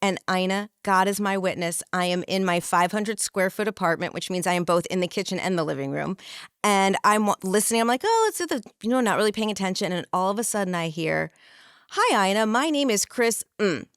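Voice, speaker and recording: A woman podcast host telling a story in casual chat, animated and acting out quotes. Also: fairly low pitch, fairly quick, clean tone, no echo, clean studio sound.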